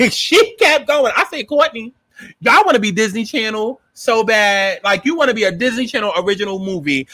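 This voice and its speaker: A man recaps a TV episode in a high, bright voice that swoops up and down with dramatic, sassy energy. He swears freely and acts out his own reactions in a dry, close sound. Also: dry recording. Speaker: TV episode reviewer. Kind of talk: casual profane recap and review.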